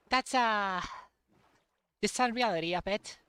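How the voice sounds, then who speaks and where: A young man streaming a game, chatting casually in a halting way and repeating words. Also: sits high, bright, forceful tone, clear, resonant tone, no echo. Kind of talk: casual chat while playing a game.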